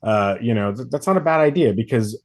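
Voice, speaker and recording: A man's voice: mid-range voice, expressive, a little fast, a little mellow. A man co-hosting a podcast in casual chat, rambling through his thoughts with fillers and trailing sentences. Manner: rambling, full of fillers and restarts. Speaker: podcast co-host.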